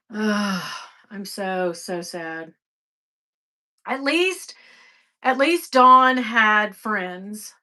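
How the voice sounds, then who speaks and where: Middle-aged woman chatting on her livestream, bright clear voice, goes soft and sighy then pops up high and loud. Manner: chatty, swings from sighing softness to excited high bursts. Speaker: livestream host. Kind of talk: casual live chat reading comments.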